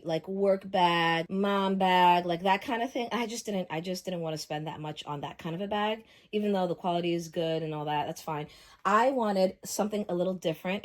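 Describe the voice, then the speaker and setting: A woman vlogger chatting casually through an unboxing, gushing and excitable. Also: fairly low pitch.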